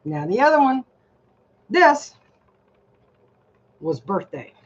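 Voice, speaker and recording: A woman's voice: a little high, sing-song, slow pace, slightly rough, muffled recording. An older woman vlogging a casual product review from her home desk, chatty and rambling as she talks straight to her viewers.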